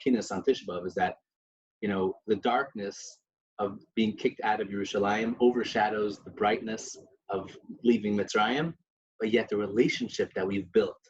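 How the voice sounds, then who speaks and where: A man co-hosting a podcast, telling stories in a casual religious discussion with many restarts and Yiddish terms. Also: lowish voice. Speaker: podcast co-host. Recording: dull lo-fi recording.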